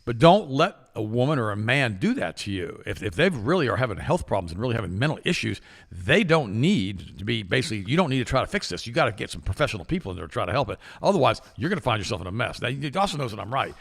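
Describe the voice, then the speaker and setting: A man's voice: mid-range voice, quick pace, gravelly. A man co-hosting a talk show, telling stories with acted-out quotes in opinionated casual talk. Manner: lively storyteller, acts out quoted voices, repeats himself.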